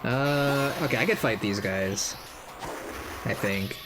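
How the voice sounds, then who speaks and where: A young man chatting casually as he plays a video game, thinking aloud in a relaxed, slangy way. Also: medium pitch, slow pace, music in the background. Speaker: gamer playing through a game.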